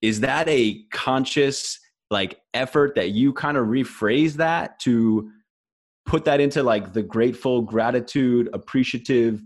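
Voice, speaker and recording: A man co-hosting a podcast, asking thoughtful, reflective questions in a casual way. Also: mid-range voice. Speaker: co-host.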